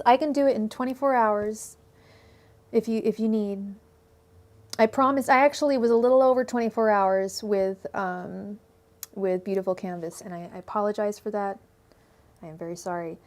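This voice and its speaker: A woman's voice: mid-range voice, a little mellow. A woman with a Californian accent reading tarot on a casual livestream, rambling and chatty with many fillers, restarts and laughs. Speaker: tarot reader. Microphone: own microphone at home.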